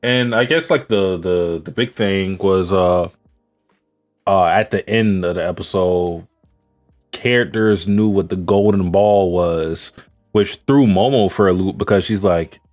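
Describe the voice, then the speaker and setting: A man's voice: sits low, a little slow, a little mellow, soft background music. A man co-hosting a podcast in casual chat, laid-back and hesitant, with many fillers. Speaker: podcast co-host.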